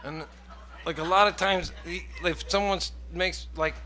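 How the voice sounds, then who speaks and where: A man with a Southern accent, telling a halting, dryly funny story between songs at a concert. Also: sits high, steady tone, bright, forceful tone. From Oregon and the US South. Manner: rambling, halting, dry humor. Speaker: singer-songwriter. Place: live music venue. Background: guitar music.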